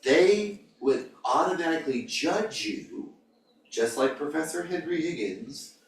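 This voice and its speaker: A man's voice: on the high side, measured pace. Man leading a Bible class, echoey room. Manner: animated, asks the group questions. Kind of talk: group Bible discussion. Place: church classroom. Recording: echoey room, mic far off.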